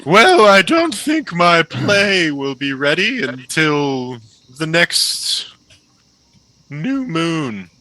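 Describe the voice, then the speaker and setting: A man voicing a flamboyant, excitable male halfling who runs a theater, gushing and theatrical. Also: drawn-out words, no room sound, heavily acted, low-quality recording. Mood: enthusiastic. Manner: gushing, theatrical, shrill exclamations.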